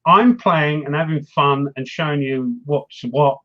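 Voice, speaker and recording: A man with a fairly high voice chats casually about wargames, rambling and poking fun at himself. His audio comes through dull and lo-fi, like a home stream setup. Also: a little slow, sharp tone. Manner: rambling, self-mocking, laughs often. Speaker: wargaming show host. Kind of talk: casual chat.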